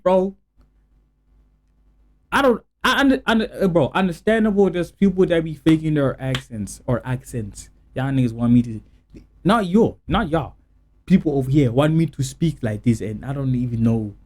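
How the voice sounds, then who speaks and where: Slangy South African man reacting loudly. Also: fairly high pitch, normal speed. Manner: blunt, slangy, animated, talks back at the clip. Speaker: reaction video host. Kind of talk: casual reaction commentary.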